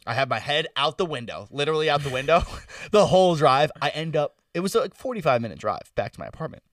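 A man's voice: animated, quick pace, dry recording, studio quality, far from the mic. Rambling, profane young man telling a story. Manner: rambling, profane, slangy, drops into low mumbles. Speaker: podcast co-host telling a story. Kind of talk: casual storytelling chat.

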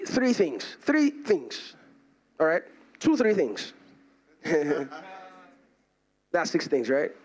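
Impassioned preacher, high and lively. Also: male voice. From Nigeria. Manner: impassioned preaching, repetition for emphasis. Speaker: pastor. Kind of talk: sermon. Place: church service.

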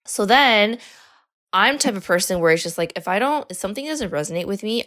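A woman's voice: medium pitch, expressive, fairly quick, fairly bright tone. A young woman hosting a podcast, telling a personal story in a casual, chatty way, full of "like" and "you know" and the odd swear word. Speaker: podcast host.

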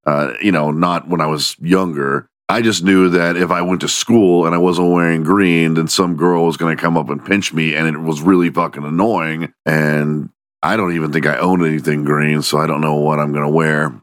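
Low-voiced man in a crude rambling monologue. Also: fairly even intonation, normal speed, no room sound, studio quality. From United States. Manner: rambling, crude and jokey, swears freely. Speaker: podcast host. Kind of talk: casual solo podcast monologue.

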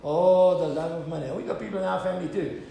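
A man's voice: sits high, steady tone, fast, creaky, mellow, reverberant, slight background noise, poor audio. A male pastor preaching an earnest sermon, building up to emphatic appeals and asking "Amen?".

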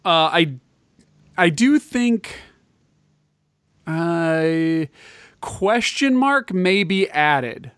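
A man's voice: sits high, expressive, drawn-out words, pauses often, fairly bright tone, clear, resonant tone, no echo. Rambling man chatting casually, dry sound. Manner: rambling, with many fillers and restarts. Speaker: podcast co-host. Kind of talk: casual chat about retro games.

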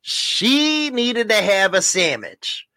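A man's voice: high-pitched, very animated, takes it slowly, sharp tone, dry recording. A man co-hosting a casual podcast with his wife, ranting and teasing with plenty of profanity. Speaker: podcast co-host. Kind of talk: casual banter.

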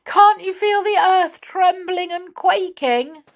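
A woman voicing a frightened, excitable little girl who speaks in a high, shrill rush. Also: normal speed, lightly acted. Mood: alarmed.

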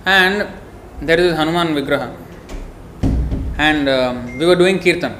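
A man's voice: a little high, normal speed, fairly bright tone. A man giving a devotional sermon in an emphatic, scolding, storytelling manner. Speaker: preacher. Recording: echoey room, faint background noise.

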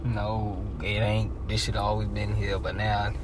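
A man in casual chat, talking in slang, rambling and shifting between low mumbles and loud bursts. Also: level tone, a little slow, background noise.

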